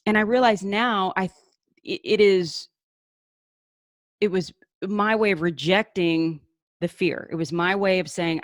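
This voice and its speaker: A woman's voice: mid-range voice, steady tone, a little slow, long pauses, no room sound, studio quality. A woman hosting an interview show, talking casually and earnestly with many restarts. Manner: eager, restarts often, earnest. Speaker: show host.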